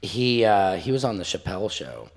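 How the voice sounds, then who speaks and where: A middle-aged podcast host with a low voice tells stories at a normal speed in a casual chat. He's an animated storyteller who jokes and swears freely.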